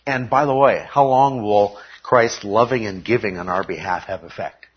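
A man's voice: lowish voice, normal speed, breathy edge. A man preaching a sermon to his congregation, teaching step by step and often checking in with "okay?". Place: church service. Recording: dull lo-fi recording.

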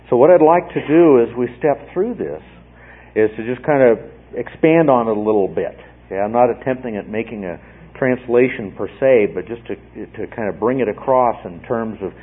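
A man's voice: medium pitch, expressive, normal speed. A man teaching through a Bible passage verse by verse, emphatic, repeating phrases and checking in with "okay?" as he goes. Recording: tinny phone-like radio broadcast, husky.

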